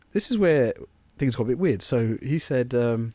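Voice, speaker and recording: A young man on a podcast, one of the co-hosts, meanders through an anecdote in casual storytelling chat, acting out quoted voices. His mid-range voice is warm with lively intonation and a slightly slow pace. There's no echo.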